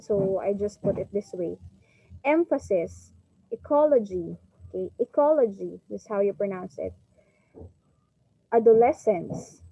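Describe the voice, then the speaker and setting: A woman's voice: mid-range voice, dry recording. Filipino woman teaching an online class. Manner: drills pronunciation, repeats "okay" often. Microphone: video call. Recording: dull lo-fi online call audio.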